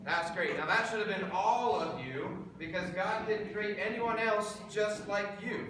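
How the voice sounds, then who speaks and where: A man hosting a children's church program, energetic and encouraging as he leads the kids along. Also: high voice, measured pace. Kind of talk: upbeat kids' ministry hosting. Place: large hall. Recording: echoey hall from far off, with noise.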